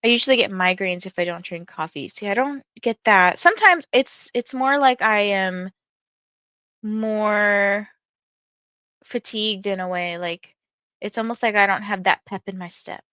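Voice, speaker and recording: A woman in her thirties talks loosely and rambles as she hosts a livestream, reading viewer comments aloud. Her voice sits at a middle pitch. The sound is close and dry, with a slightly muffled, lo-fi edge. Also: a little slow, pushed and bright, clean tone, no echo. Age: 30s. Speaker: livestream host. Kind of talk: casual livestream chat.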